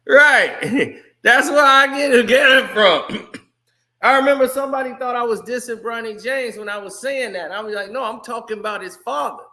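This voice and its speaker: A man giving casual, animated sports commentary on his channel, laughing often. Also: extremely high pitch, normal speed. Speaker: YouTube commentator.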